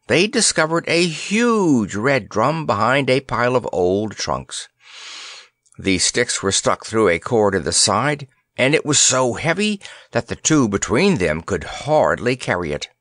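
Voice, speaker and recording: A man narrating a children's fantasy audiobook in an expressive, storybook manner. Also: medium pitch, dry recording, studio quality. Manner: expressive, unhurried reading.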